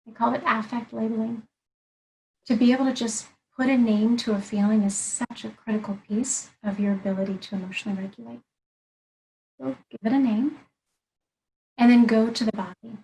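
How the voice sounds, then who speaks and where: Woman, life coach, interview guest; earnest, methodical explainer, slightly high voice. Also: steady tone, moderate pace, vocal fry, mellow, rough recording. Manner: earnest, explanatory, walks through points one by one. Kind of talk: interview conversation.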